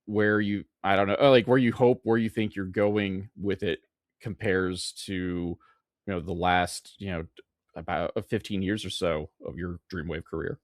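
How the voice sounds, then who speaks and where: Rambling man host, low voice. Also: steady tone, dry recording, clean studio sound. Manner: rambling, halting questions with restarts. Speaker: podcast host. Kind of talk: casual interview chat.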